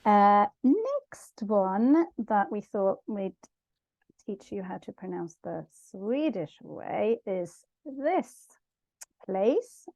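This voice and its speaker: Female co-host of a language lesson, calm, mellow tone, dry sound. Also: medium pitch, drawn-out words, no echo, lo-fi sound. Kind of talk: pronunciation lesson.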